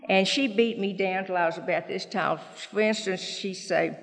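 A woman's voice: on the low side, fairly even intonation, moderate pace, vocal fry. Folksy Southern woman in an echoey hall. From Mississippi, US. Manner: folksy storytelling, acting out others' lines. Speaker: speaker sharing her recovery story. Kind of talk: personal testimony at a meeting.

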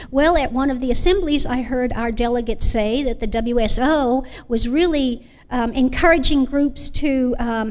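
A woman tells her recovery story in an earnest, reflective way, stopping often to gather her words with fillers. Her voice sits a little on the higher side. It rings out with the long reverb of a big room. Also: a little mellow. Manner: halting, with many pauses and fillers. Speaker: Al-Anon member sharing her story. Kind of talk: personal testimony.

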